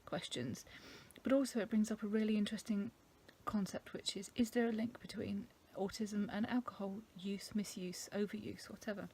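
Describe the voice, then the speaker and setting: A middle-aged woman from England talking casually to camera, thoughtful and halting, with many ums. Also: medium pitch, darkish tone, a little hiss or hum. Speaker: vlogger. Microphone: camera mic.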